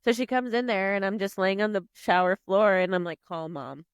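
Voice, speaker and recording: A woman in her twenties, a podcast guest telling a story in casual chat, animated, swearing freely and saying "like" a lot. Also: mid-range voice, fairly quick, clean tone, no echo, studio quality. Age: 20s.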